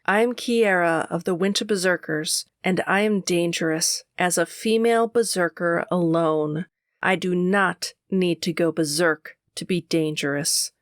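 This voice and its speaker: A woman's voice: lowish voice, unhurried, dry recording, studio quality, close to an everyday voice. A woman voicing a proud, defiant young female warrior who speaks firmly, stressing each word. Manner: firm, clipped, emphasizing each word.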